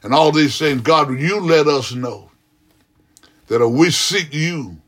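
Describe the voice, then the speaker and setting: A man's voice: fairly high pitch, takes it slowly, a bit bright, slightly rough. A man praying aloud as a pastor, fervent and rhythmic, with frequent "hallelujah" interjections. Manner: repetitive, rhythmic preaching cadence. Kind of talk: extemporaneous prayer.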